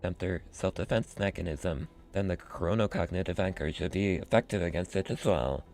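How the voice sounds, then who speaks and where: Deep and gravelly, this is a man doing a calm, formal robot scholar from a sci-fi game. He speaks in a measured, mechanical monotone with faint music underneath.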